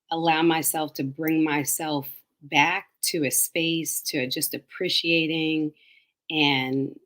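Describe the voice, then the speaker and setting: Low, slow-speaking thoughtful woman. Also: a bit bright. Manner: thoughtful, hesitant with fillers. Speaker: panelist on a women's talk show. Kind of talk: heartfelt casual chat.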